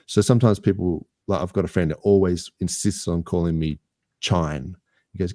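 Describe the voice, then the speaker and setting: Deep-voiced Australian man, jokey and rambling. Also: steady tone, moderate pace, warm tone, dry recording, clean studio sound. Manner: jokey, rambling, self-mocking. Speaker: podcast co-host. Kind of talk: casual banter.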